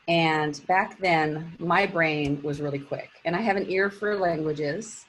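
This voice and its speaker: A woman's voice: deep voice, slow pace, a bit bright, a little hiss or hum. A middle-aged woman teacher giving her class an earnest, encouraging pep talk through a personal story. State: teary.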